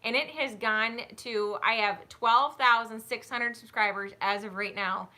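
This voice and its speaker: Bright-voiced chatty woman streamer. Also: on the high side, unhurried. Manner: chatty, gushing thanks, excitable. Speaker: horse trainer and channel host. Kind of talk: live-stream Q&A chat.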